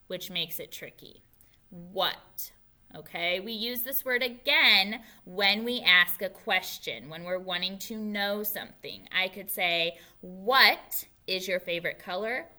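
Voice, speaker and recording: A woman teaching a phonics lesson to young children, slowly sounding out letters and often checking in with "okay?". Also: medium pitch, pushed and bright.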